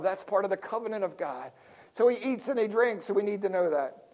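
Older pastor, high-pitched man, playful sermon style with quick jokes and hushed asides. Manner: lively, jokey preaching with sudden drops to quiet asides.

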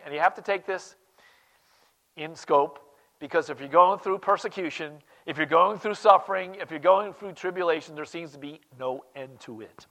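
A male pastor delivering a sermon in a slightly raised voice. He swings between soft, conversational asides and loud, emphatic declarations. He repeats his key lines for emphasis. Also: fairly high pitch, moderate pace.

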